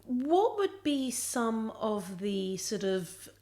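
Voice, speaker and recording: A woman's voice: fairly high pitch, big pitch swings, extremely slow. Affirming young woman podcast host. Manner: warm-hearted, affirming, searching questions. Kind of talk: podcast interview. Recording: roomy echo.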